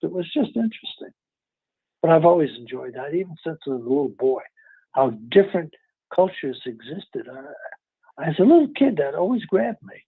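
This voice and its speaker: Gravelly older man on a tinny line. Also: fairly high pitch. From New York City. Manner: rambling, chuckling, loses names mid-story. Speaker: actor being interviewed. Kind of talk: casual storytelling interview. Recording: tinny phone-like call audio.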